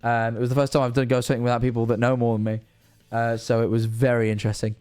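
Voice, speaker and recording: A man's voice: medium pitch, little pitch movement, fast talker, a little mellow, clean tone. A very tired young man hosting a livestream, chatting loosely through his sign-off, rambling and swearing now and then. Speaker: livestream host. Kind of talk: casual stream sign-off chat.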